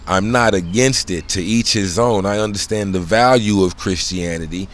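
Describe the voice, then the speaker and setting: Low-voiced man rambling casually. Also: moderate pace. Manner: rambling, loose slang, frequent "you know what I'm saying"; profane, conversational. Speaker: solo channel host. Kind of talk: casual spoken monologue.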